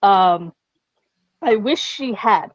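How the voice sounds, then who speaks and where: A woman telling stories as a guest in a casual podcast chat, animated and full of "like". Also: mid-range voice, very slow, dry recording, highs cut off.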